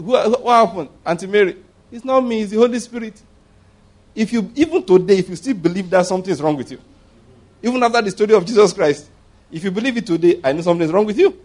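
A man preaching, his voice sitting a little high for a man. He keeps the sermon conversational and humorous, chuckling along. He jumps up sharply in pitch to stress a point. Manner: animated, jumping up in pitch for emphasis.

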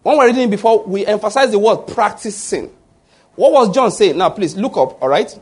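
Male pastor, high voice, husky, preaching a sermon with call-out questions. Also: expressive, fairly quick, a little mellow. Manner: asks the congregation rhetorical fill-in questions.

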